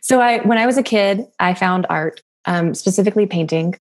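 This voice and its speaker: Candid, animated woman telling a story. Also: medium pitch, fairly quick. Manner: candid, animated, laughs often, swears casually. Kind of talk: casual conversational storytelling.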